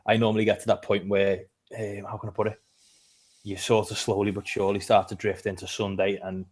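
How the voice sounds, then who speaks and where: Chatty British man co-host. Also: fairly low pitch. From Britain. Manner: rambling, chatty, frequent "um". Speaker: podcast co-host. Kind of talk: casual chat.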